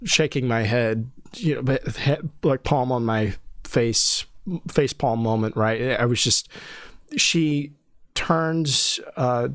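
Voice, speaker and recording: A man's voice: medium pitch, slow pace, a bit bright, no room sound. Male podcast host, indignant and profane storyteller, dry bedroom-studio sound. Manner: exasperated, swearing, often breaks into disbelieving laughter. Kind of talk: casual podcast chat.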